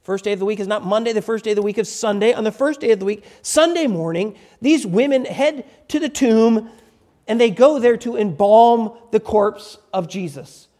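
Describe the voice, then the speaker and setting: A pastor preaching a sermon and retelling a scripture story in an animated storytelling manner. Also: moderate pace. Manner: animated storytelling with wide pitch swings.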